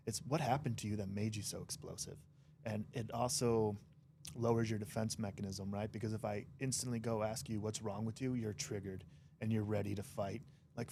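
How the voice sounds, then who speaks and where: Flat-voiced frank man. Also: fairly low pitch, moderate pace, vocal fry, slight background noise. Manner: frank and direct, with some swearing. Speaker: podcast guest. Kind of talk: casual conversational interview.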